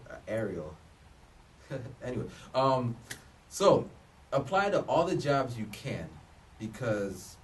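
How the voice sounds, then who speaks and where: A man in his thirties giving casual advice to the camera, loose and joking, often restarting his sentences. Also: mid-range voice. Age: 30s. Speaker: vlogger giving job advice. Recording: voice a bit distant from the mic, faint room noise.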